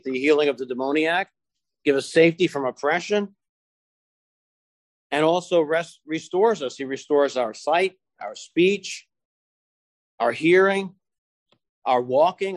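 A man with a slightly high voice preaches a sermon to his congregation, slowing down and stressing key phrases as he quotes scripture. There's no echo on the recording.

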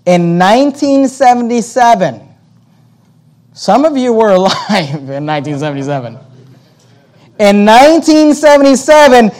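A male pastor works through scripture in a sermon, his voice sitting unusually high for a man. He presses his points with rhetorical questions and tends to stumble over and repeat words mid-sentence. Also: darkish tone. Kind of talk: expository sermon.

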